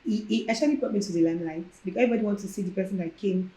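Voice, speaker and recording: A young Nigerian woman recounts her own story as a podcast guest, lively and conversational. She slips into the voices of the people she quotes. Her voice sits at a medium pitch and carries a noticeable room echo. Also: rapid-fire. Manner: animated, acts out quoted dialogue. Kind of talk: casual personal storytelling. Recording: roomy echo.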